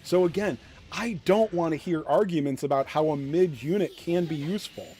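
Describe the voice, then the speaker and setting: A man hosting a game live stream talks bluntly and rambles, with fillers and self-mocking asides. His voice sits a bit high for a man but sounds mellow and dark. Faint music plays under him. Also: moderate pace. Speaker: gaming streamer. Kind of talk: casual live-stream commentary.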